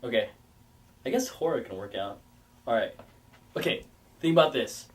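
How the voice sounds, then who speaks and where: A man improvising silly horror story pitches in a rambling, casual way, full of "like". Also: animated, moderate pace. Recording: distant mic with guitar music.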